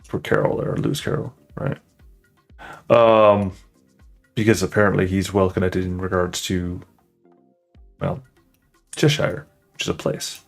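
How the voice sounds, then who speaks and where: A man's voice: sits low, flat delivery, a little slow, creaky, long pauses, soft background music. A man reading a storybook aloud on a livestream, breaking off for chatty, hesitant asides.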